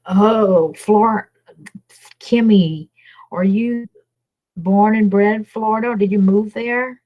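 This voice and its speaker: A woman's voice: medium pitch, slow, narrow, tinny audio. A woman from Louisiana with a Southern accent, chatting casually with viewers on a livestream, rambling and reading out their names. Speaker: livestream host.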